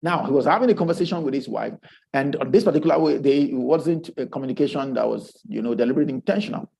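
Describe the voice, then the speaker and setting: A man with a Nigerian English accent teaching a course on marriage, animated and emphatic, often repeating his words. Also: medium pitch, fast talker, creaky, poor audio.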